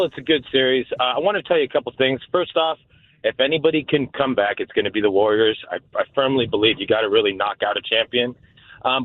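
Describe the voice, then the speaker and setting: A man's voice: medium pitch, dry recording. A man calling in to a sports radio show, earnest and a bit rambling. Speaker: caller. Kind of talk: call-in radio chat. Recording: tinny phone line.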